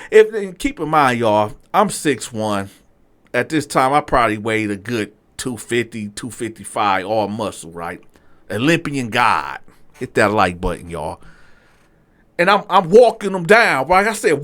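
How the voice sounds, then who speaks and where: A male host tells a story casually to his viewers. His voice sits a little high. He talks in an animated, profane way and keeps breaking off to address his audience. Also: moderate pace.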